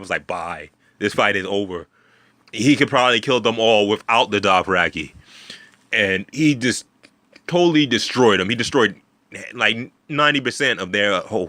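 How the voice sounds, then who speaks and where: A man's voice: mid-range voice, bright, forceful tone, dry recording. A man casually recapping a TV episode in a rambling way, with many fillers, restarts and swearing. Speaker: video host.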